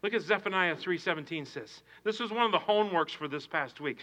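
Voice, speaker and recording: A male pastor preaching a sermon with passion, swinging from hushed to shouting and repeating his phrases. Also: high-pitched, animated, brisk, hardly any pauses, poor audio.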